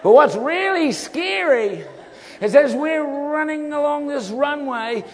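A man telling a funny travel story in a sermon, animated and laughing often. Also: extremely high pitch, takes it slowly. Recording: long hall reverb.

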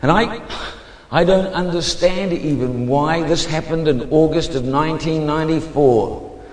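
A man giving a fervent testimony sermon as a preacher, moving between hushed and emphatic speech. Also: a little high, a little slow, roomy sound, in a large hall.

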